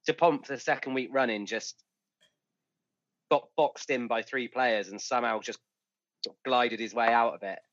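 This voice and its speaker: Relaxed man on a dry muffled line. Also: medium pitch, moderate pace, pauses often, no echo. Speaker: podcast co-host. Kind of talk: casual sports chat. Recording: dry, dull lo-fi sound.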